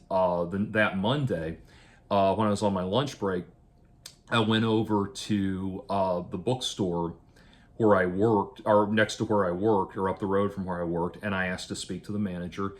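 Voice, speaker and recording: A man casually telling a personal story in a halting way, often restarting and correcting himself. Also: sits low, fairly even intonation.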